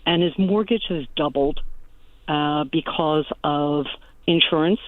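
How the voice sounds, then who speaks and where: A woman's voice: low-pitched, slow pace, dry recording. A middle-aged woman from Philadelphia calling in to a radio show, talking hesitantly with many fillers. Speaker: caller. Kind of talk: call-in radio question. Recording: tinny phone line.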